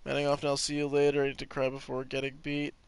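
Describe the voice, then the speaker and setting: A man's voice: medium pitch, completely flat delivery, quick pace, clear, resonant tone. Profane, joking gameplay streamer man. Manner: profane, joking, chatting to viewers. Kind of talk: casual gameplay commentary.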